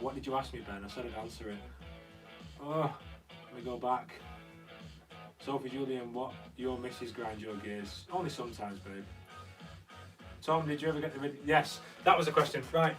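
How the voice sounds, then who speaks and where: A man's voice: medium pitch, moderate pace. A young man hosts a casual live stream from a converted studio room, chatting and answering viewer comments as they come in. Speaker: host. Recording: slightly distant mic with faint guitar music.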